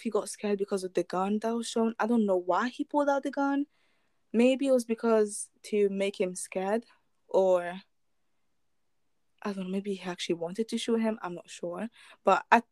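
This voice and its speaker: A woman's voice: mid-range voice, moderate pace, darkish tone, no echo. A woman casually retelling a true crime story, rambling with fillers, restarts and chuckling asides.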